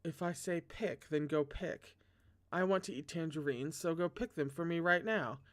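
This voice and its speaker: A reader voicing a cold, savage young man in a read-aloud novel, speaking low and quietly threatening. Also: moderate pace, natural voice. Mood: menacing.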